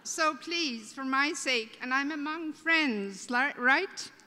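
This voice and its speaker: Irish woman welcoming a big crowd, slow and joking, echo of a big hall. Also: sits high, a little hiss or hum. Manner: warm, joking, folksy. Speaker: host welcoming a convention. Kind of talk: humorous welcome speech. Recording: reverberant convention hall.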